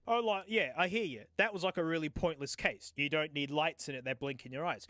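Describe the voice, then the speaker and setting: A man hosting a casual product-review vlog, excitable, joking and sarcastic as he talks. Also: high voice, normal speed, hardly any pauses, no room sound. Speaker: host.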